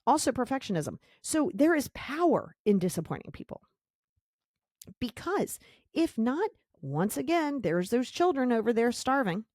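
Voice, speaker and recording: A woman's voice: on the high side, sing-song, moderate pace, darkish tone, no room sound, studio quality. A woman hosting a podcast, giving a blunt, emphatic motivational monologue and repeating her key points. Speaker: podcast host.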